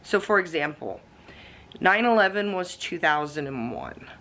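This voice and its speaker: Bright-voiced woman rambling in a vlog. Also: on the low side, sing-song, unhurried. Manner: rambling and chatty, with many fillers and restarts; eats snacks and sips coffee while talking. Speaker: vlogger. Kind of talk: casual talking-head vlog.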